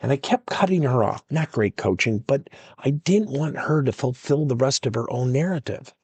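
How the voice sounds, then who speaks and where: A man's voice: mid-range voice, normal speed, breathy edge, no echo. A middle-aged man, a workplace coach and podcast host, telling stories and acting out the dialogue. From United States. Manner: animated, acts out dialogue in stories. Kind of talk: storytelling coaching talk.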